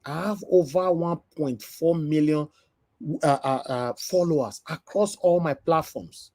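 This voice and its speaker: A man from the UK with a Nigerian Pidgin accent, giving an animated, emotional commentary rant. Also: on the high side, a little slow. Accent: Nigerian Pidgin English. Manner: animated, emotional, switching from loud to soft. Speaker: vlogger.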